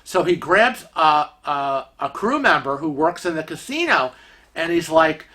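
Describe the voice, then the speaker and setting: A chatty man telling a travel story in a casual vlog, full of fillers and animated asides. His voice is bright and sits a little high. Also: unhurried. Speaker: vlogger.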